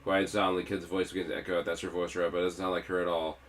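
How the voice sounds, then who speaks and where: A man's voice: low voice, flat delivery, racing. A man streaming himself as he reads a video game's story text aloud, with dramatic emphasis. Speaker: let's-play streamer. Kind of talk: reading game text aloud. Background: faint game music.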